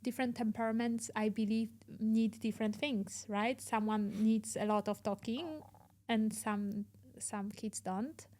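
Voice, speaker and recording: A woman interviewing a guest, asking calm, inquiring questions about raising children. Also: a little high, measured pace.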